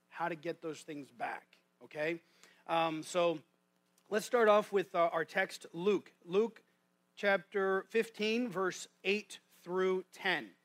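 A man's voice: high voice, a bit bright. Folksy man preaching in a church. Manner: folksy, conversational, many restarts. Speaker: guest preacher. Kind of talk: sermon. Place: church sanctuary.

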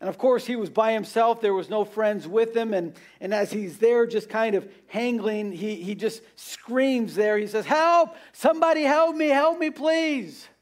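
A man's voice: high voice, normal speed, few pauses, darkish tone. A man preaching a sermon, earnest and repeating his points for emphasis.

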